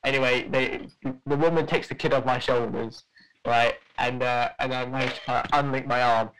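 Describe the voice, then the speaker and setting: A man co-hosting a podcast, telling a story in an animated, laughing way and acting out the voices of the people in it. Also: medium pitch, normal speed, rough recording. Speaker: podcast co-host. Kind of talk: casual storytelling chat.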